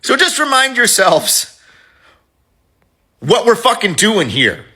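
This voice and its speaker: A man's voice: high-pitched, wildly swooping pitch, takes it slowly, bright, forceful tone. A man giving an emotional, impassioned reaction monologue, swearing as he talks. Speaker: commentator reacting to a video.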